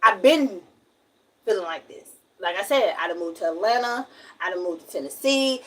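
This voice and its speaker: A young woman with a Southern drawl talks frankly and at length, venting on her livestream in a breathy, husky voice of middle pitch. She rambles, repeats herself and leans on words for emphasis. She sits a little back from the microphone, so the sound is slightly distant. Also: lively intonation, normal speed. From Alabama.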